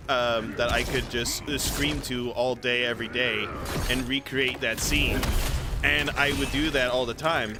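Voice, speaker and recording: A young man streamer chatting casually, often breaking into high-pitched laughter. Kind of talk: casual chat.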